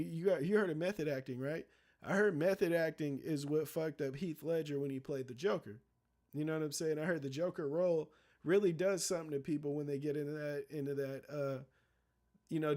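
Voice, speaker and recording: A man's voice: on the high side, darkish tone. A young man streaming casual, profane commentary, rambling in loose slang with many restarts and asides to his chat.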